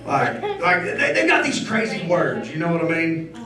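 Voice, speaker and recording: Rowdy stand-up comic in an echoey club. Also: male voice, a little high, wildly swooping pitch, normal speed. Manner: loud, rowdy, crowd-baiting, crude. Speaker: stand-up comedian. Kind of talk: stand-up comedy set. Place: comedy club stage. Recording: roomy club sound from a distance.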